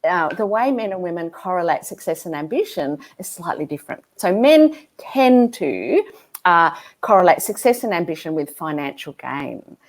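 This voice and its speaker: Animated woman, lively frank delivery. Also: on the low side, moderate pace. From Australia. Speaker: guest speaker and author. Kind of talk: conversational interview.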